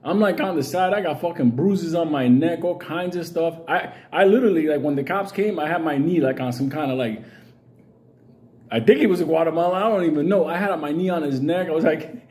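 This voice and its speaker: A man's voice: a little high, animated, a little fast, warm tone. Foul-mouthed New man spinning a yarn. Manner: profane, rambling, laughing at his own story. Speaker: vlogger. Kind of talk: casual storytelling.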